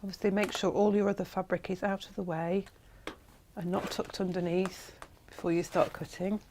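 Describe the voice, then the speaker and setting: A woman's voice: medium pitch, normal speed. Brief: easygoing woman co-host, sewing tips, faint hiss behind. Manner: gives steady sewing tips, agreeable. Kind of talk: casual live-stream chat.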